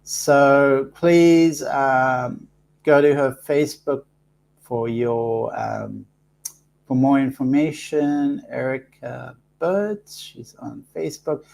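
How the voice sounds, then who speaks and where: A soft-spoken man hosting a live card reading, talking slowly and haltingly with many pauses and fillers. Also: mid-range voice, gravelly. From Africa. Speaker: host reading cards for live viewers.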